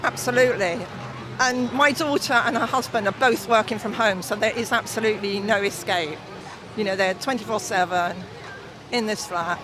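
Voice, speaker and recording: A woman's voice: medium pitch, moderate pace. A middle-aged woman interviewed outdoors at a protest, speaking with emotion and indignation, at times choked up. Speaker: protester, mother of affected resident. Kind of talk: radio interview on location. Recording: crowd noise behind. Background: crowd.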